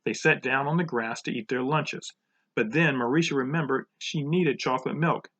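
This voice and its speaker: A man reading a chapter book aloud to children in a relaxed, informal way. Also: mid-range voice, moderate pace, breathy edge. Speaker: program director reading to children.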